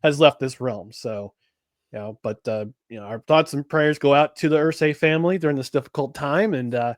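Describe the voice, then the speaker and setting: A man co-hosting a sports podcast, talking in a loose, rambling way full of restarts and fillers. His voice sits a bit high for a man and sounds dry and close, with almost no room around it. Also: a little fast, no echo. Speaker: podcast co-host. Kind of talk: casual sports chat.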